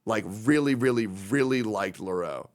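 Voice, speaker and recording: A man's voice: animated, a little slow. A man in his thirties, a streamer, chatting casually and emotionally, rambling on about his friends. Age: 30s. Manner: rambling, emotional, puts on high voices when quoting friends.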